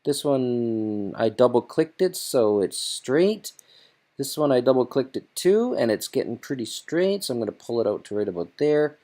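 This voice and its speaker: Man, tutorial host, casual, chatty, thinking aloud, mid pitch. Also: very animated, moderate pace, warm tone. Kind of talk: casual screen-recorded tutorial.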